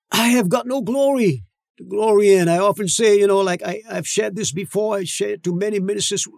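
A middle-aged male pastor preaching a sermon, emphatic, with dramatic slow-downs and sudden shouts. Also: sits high, vocal fry, dry recording, studio quality.

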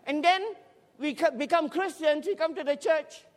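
A man preaching a lively, humorous sermon in a large church hall, joking with the congregation and urging them to respond. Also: extremely high pitch, moderate pace. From Scotland. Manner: energetic, jokey, urges the crowd to respond. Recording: long hall reverb in a church.

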